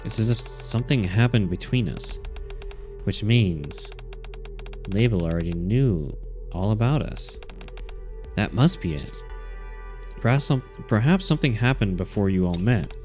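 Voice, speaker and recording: A man's voice: fairly low pitch, animated, measured pace, pauses often, a little mellow, faint music behind. A male streamer reading a story game aloud and dropping blunt, swearing asides, streaming from home.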